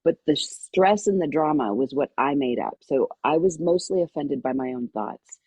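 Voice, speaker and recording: A middle-aged woman guest on a podcast, telling a personal story with lively energy and acting out the voices of people in it. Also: sits low, moderate pace, breathy edge, dry recording. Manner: lively storyteller who acts out quoted voices.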